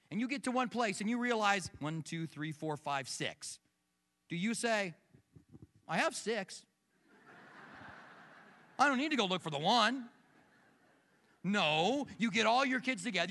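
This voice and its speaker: A male pastor with a bright, high-sitting voice preaches animatedly in an echoey hall. He delivers a sermon with personal stories, questioning the congregation as he goes. The setting is a large church auditorium with balconies.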